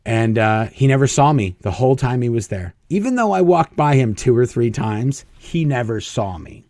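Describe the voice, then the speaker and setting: A man's voice: mid-range voice, lively intonation, moderate pace, a little mellow, no echo. A middle-aged man casually telling a long personal story in an interview, acting out the dialogue of the people in it. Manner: rambling anecdotes, acting out quoted dialogue. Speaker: guest telling his story.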